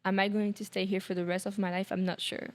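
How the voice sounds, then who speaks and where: A woman with a French accent speaks as a podcast guest, relaxed and thoughtful. She uses plenty of casual fillers, and her voice sits at an ordinary middle pitch. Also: quick pace. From France. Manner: relaxed, reflective, many fillers. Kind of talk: casual interview chat.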